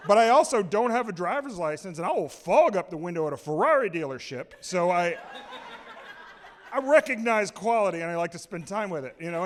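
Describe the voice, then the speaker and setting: Excitable, rambling male storyteller. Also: high-pitched. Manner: excitable, rambling, self-mocking. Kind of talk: live comic storytelling. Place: stage of a small cultural center.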